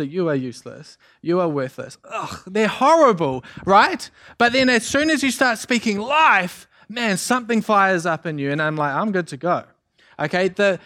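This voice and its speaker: Young man, youth pastor, sermon, high bright-sounding voice, chatty, energetic. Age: young adult. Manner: energetic, chatty, many fillers and asides.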